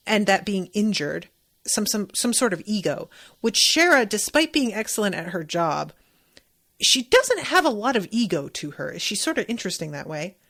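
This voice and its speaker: A woman's voice: medium pitch, fairly bright tone. A woman hosting a book podcast, recapping chapters in a chatty, casual way, swearing freely and reading passages aloud. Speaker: podcast host.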